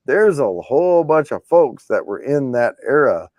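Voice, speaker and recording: A man's voice: medium pitch, very animated, unhurried, darkish tone, dry recording, clean studio sound. A man hosting a giveaway show, chatting casually about classic rock, rambling with frequent restarts. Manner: rambling, restarts often, storytelling.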